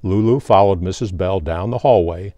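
A man, a school curriculum director, reading a picture book aloud in a steady, even storytelling manner. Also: low voice, normal speed, dry recording, highs cut off.

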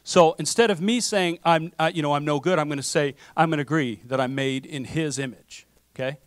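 A pastor preaches in a church sanctuary in a conversational style, often checking in with "okay?" and acting out the things people tell themselves. His voice is fairly high-pitched and fairly quick, with no echo.

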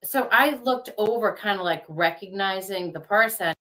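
A woman's voice: medium pitch, moderate pace, sharp tone. A woman in her fifties, an interview guest, recounting a personal story in a chatty way with lots of fillers. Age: 50s. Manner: chatty, many fillers, quotes others.

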